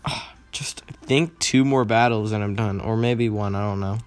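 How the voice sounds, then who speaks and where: A young man rambling to himself while playing a mobile game, self-mocking and given to excitable outbursts, recorded on a phone. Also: lowish voice, normal speed, faint music behind. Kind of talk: casual gameplay commentary.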